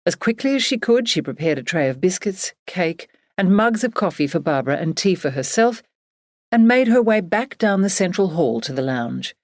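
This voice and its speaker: Lower-voiced woman narrating a story. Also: no echo, studio quality. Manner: measured, even storytelling. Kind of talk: scripted audiobook narration.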